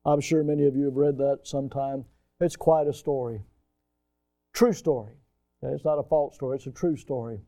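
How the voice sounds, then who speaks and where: Man, preacher, sermon, folksy, hushed to loud swings, warm dark tone. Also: mid-range voice, steady tone, brisk. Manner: dramatic swings from loud emphasis to hushed quiet; folksy, addresses audience as folks. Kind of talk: sermon storytelling.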